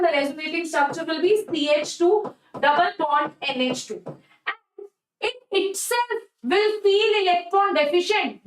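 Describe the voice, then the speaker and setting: Indian English woman, chemistry teacher, high voice, repeats and checks in, echoey room a bit off mic. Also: far from the mic. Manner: repetitive, coaxing, checks "okay? right?" often. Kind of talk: online exam-prep lecture.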